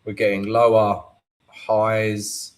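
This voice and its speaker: Guy doing a live forex stream, slow easygoing talk, keeps saying "right?" and "you know". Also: fairly low pitch, completely flat delivery, poor audio. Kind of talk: live market analysis and Q&A.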